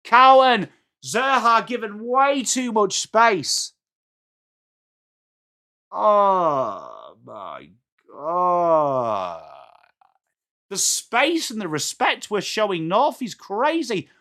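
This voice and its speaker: This is live football commentary for a watchalong from an excitable Englishman who jokes, swears and shouts during the big moments. He speaks in a very high voice, slowly, with hardly any pauses.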